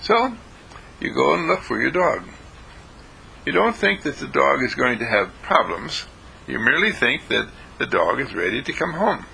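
A man giving a short daily inspirational talk as a university dean, telling a story, often chuckling and clearing his throat. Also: mid-range voice, big pitch swings, normal speed, sharp tone, a little hiss or hum, rough recording.

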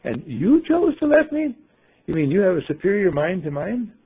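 A man voicing an excitable, fussy woman who exclaims in surprise. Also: fast, husky, narrow, tinny audio. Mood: amazed. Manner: high, startled and exclaiming.

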